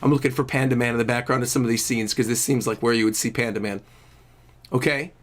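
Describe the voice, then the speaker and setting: A man streaming a live manga reaction, excitable, often laughing and shouting. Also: mid-range voice, fast.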